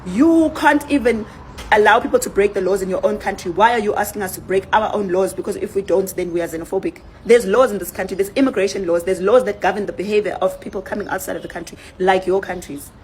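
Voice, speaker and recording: A woman's voice: medium pitch, steady tone, quick pace, few pauses, a little mellow, slight background noise. A woman delivering an impassioned, accusatory rant, repeating points for emphasis. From South Africa.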